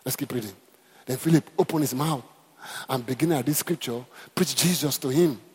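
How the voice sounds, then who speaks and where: A man's voice: mid-range voice, brisk, husky, big-room sound. A man preaching a sermon, emphatic and repetitive, calling out to the congregation. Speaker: pastor.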